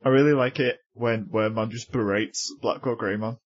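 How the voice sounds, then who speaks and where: Husky-voiced man in chatty podcast talk. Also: on the low side, steady tone, normal speed, muffled recording. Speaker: podcast co-host. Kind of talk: casual chat.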